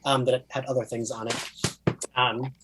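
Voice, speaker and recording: A man's voice: medium pitch, moderate pace, background noise. A man from New Jersey with a New Jersey accent, co-hosting a podcast in casual, chatty talk full of fillers. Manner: chatty, many fillers, animated. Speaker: podcast co-host. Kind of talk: casual chat.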